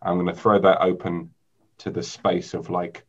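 A man's voice: low voice, little pitch movement, a little fast, highs cut off. A man moderating an online panel discussion, thoughtful and rambling, with plenty of fillers.

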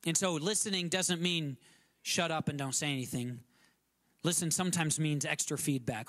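A man's voice: moderate pace, a bit bright. A male guest pastor, preaching a conversational sermon with many restarts, repeated words and acted-out quotes. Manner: acts out quotes with sudden shifts in pitch.

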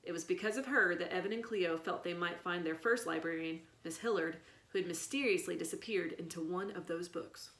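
A woman reading a children's chapter book aloud in an expressive storytelling manner. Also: on the low side, brisk. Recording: echoey room.

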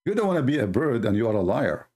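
A man from the Middle East with an Arabic accent, a native Arabic speaker, giving a sarcastic, animated commentary as a Christian apologist. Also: medium pitch, quick pace. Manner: sarcastic, animated, laughs at his own points. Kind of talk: mocking commentary talk.

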